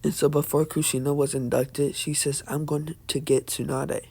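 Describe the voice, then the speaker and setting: A man improvising a story in a halting way, with many fillers and restarts as he goes. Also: a little high, level tone, creaky, dark tone, breathy edge. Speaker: fan fiction storyteller.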